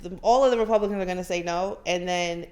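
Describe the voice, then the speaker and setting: A woman's voice: on the low side, fast talker, a little mellow. A woman co-hosting a podcast, chatting about politics and readily agreeing with the others. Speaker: podcast co-host. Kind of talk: casual political chat.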